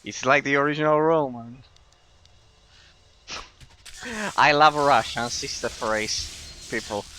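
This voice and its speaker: Guy streaming, bright forceful voice, keeps repeating himself and tripping over words. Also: medium pitch, takes it slowly, slight background noise. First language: Spanish. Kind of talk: casual stream chat with viewers.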